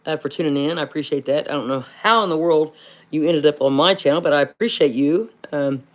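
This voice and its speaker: A woman from hosting a casual livestream and answering viewer comments. She speaks bluntly, fills pauses with "uh", and calls everyone "honey". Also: low voice. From southern Ohio. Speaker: livestream host.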